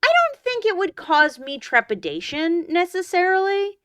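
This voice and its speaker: A woman around forty, co-hosting a podcast in casual chat, blunt and emphatic and quick to swear. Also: very high voice, very animated, a bit bright, dry recording, clean studio sound. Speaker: podcast co-host.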